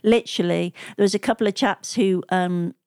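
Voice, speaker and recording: A chatty woman tells her stories as an interview guest, laughing often and slipping into the voices of the people she met. Her voice sits at an ordinary pitch. It is recorded dry and close, with no room echo. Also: fairly even intonation, normal speed, a little mellow, clean tone. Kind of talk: conversational storytelling.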